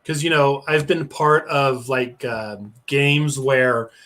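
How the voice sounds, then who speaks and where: A man's voice: mid-range voice, fairly even intonation, slow, a bit bright. A man appearing as a guest on a livestream podcast, chatting and reminiscing about old shows. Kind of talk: casual chat.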